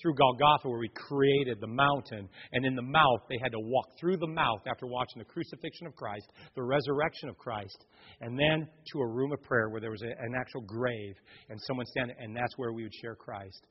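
A male pastor preaching a sermon with husky, dramatic storytelling that swings between loud bursts and hushed passages. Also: mid-range voice, fairly quick. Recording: echoey hall, dull lo-fi sound.

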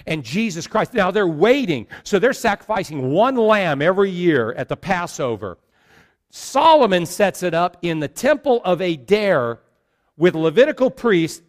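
Animated high-voiced preaching man. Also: moderate pace. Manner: animated, acts out quoted characters. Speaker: pastor. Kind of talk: sermon.

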